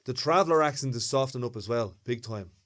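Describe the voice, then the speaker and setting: A man from Dublin with a Dublin accent, co-hosting a podcast in relaxed, agreeable casual chat. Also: medium pitch, quick pace. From Dublin, Ireland. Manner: easygoing, agreeable, laughs along. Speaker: podcast co-host.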